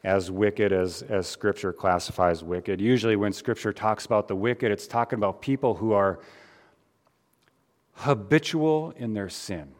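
A pastor giving a conversational sermon, with frequent fillers and restarts. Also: male voice, fairly low pitch, a little slow, big-room sound.

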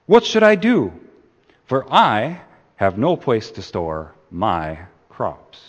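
Man doing a greedy rich farmer, proud, self-satisfied, unhurried, deep. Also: wildly swooping pitch, in a large hall, full character voice. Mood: smug.

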